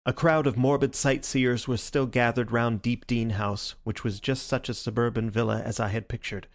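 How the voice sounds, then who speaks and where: A man narrating an audiobook in a steady, even reading style. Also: mid-range voice, normal speed, no room sound.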